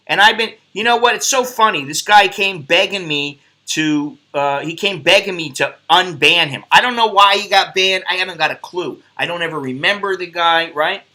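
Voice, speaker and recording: A man's voice: on the high side, animated, moderate pace, sharp tone. A man hosting a live stream, rambling bluntly and swearing at viewers in casual chat. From United States.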